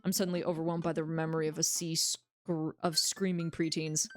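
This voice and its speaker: A woman's voice: low voice, little pitch movement, brisk, close to an everyday voice. A woman voicing an awkward, flustered single dad, reading his game lines in an earnest way over faint music. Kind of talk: reading game dialogue aloud.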